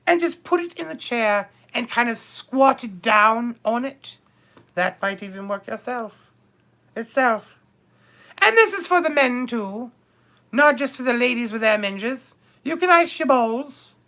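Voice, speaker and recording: A man's voice: very high-pitched, lively intonation, measured pace, creaky, bright, forceful tone, heavily acted. A man playing a bawdy, gossipy older duchess on a comedic live stream, theatrically calling viewers darling and my dears.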